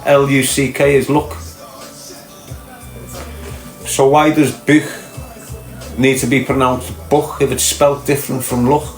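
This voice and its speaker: A man's voice: mid-range voice, level tone, a little slow, pauses often. A man with a Liverpool accent chatting casually on a podcast, rambling and throwing in rhetorical questions. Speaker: podcast host. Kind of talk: casual chat. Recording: echoey room with faint music.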